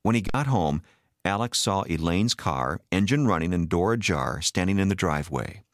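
Man narrating an audiobook, deep voice, lively intonation, dry close sound. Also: normal speed, dry recording.

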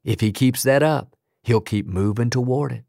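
A man's voice: mid-range voice, normal speed, creaky, warm tone, no room sound, studio quality. A man preaching a sermon as pastor, emphatic and building rhythmic lists of declarations.

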